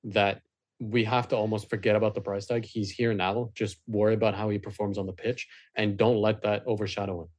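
A man co-hosting a casual football podcast, talking things through in a measured way with frequent restarts. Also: fairly low pitch, flat delivery. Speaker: podcast co-host.

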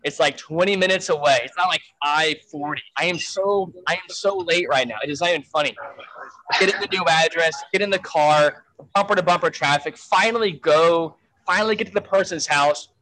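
A man's voice: a little high, brisk, sharp tone, rough recording. A man telling a frantic story in a casual way, full of fillers and swearing. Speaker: guest storyteller.

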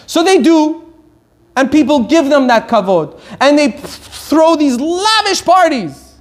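A man's voice: extremely high pitch, big pitch swings, takes it slowly. A middle-aged man from Iran giving a Torah lecture as a teacher, emphatic, repeating his key points and drifting into anecdotes.

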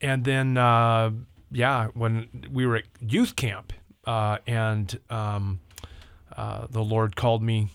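An older man, a pastor, telling a personal story in casual talk, acting out voices with lively rising pitch. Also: slow pace, clean tone, no room sound. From Southern California. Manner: animated, acts out quoted voices with rising pitch.

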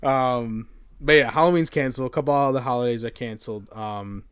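A young man co-hosting a casual podcast chat, swearing freely and launching into animated rants. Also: mid-range voice, brisk, over a noisy crowd. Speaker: podcast co-host.

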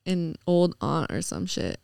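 A woman's voice: on the low side, sing-song, measured pace, creaky, darkish tone, no room sound, clean studio sound. Chatty laughing young woman. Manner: laughs often, chatty, filler-heavy, does mocking voices. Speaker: podcast guest. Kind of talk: casual podcast chat.

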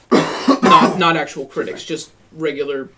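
A man chatting casually as host about a film, opinionated and quick to laugh. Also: fairly high pitch, steady tone, pushed and bright. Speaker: podcast host reviewing a film. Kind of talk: casual chat.

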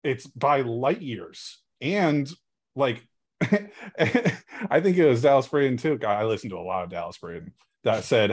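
Brief: male sports-talk co-host, mid-pitched, rambling and opinionated, casual. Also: expressive, measured pace, breathy edge.

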